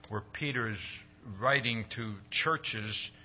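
A man preaching a conversational sermon, often pausing to ask "See?" and raising his voice as he acts out quoted dialogue. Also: medium pitch, dull audio, a little hiss or hum. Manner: conversational, keeps asking "See?".

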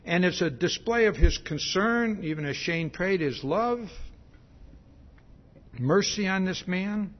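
A man preaching in an easy, talking manner. He often repeats words and asks "See?" as he acts out the lines he quotes. His voice is husky and a little high, and the recording sounds dull and lo-fi. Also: expressive, slow. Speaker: pastor. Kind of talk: conversational sermon.

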